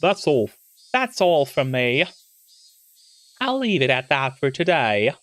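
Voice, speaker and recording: A man voicing a cheerful young schoolteacher in a lilting, drawn-out voice. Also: mid-range voice, big pitch swings, a bit bright. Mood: chiding.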